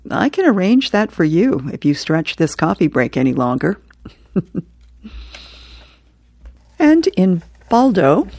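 A woman's voice: low voice, darkish tone, dry recording, studio quality. Chuckling woman reading comics aloud. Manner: chuckles between items, reads comic strips aloud. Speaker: radio host reading comics.

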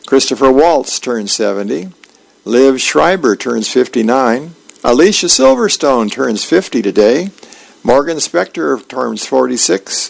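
A man's voice: mid-range voice, creaky, rough recording. A man, a volunteer reader, reading the newspaper aloud on the radio with small stumbles.

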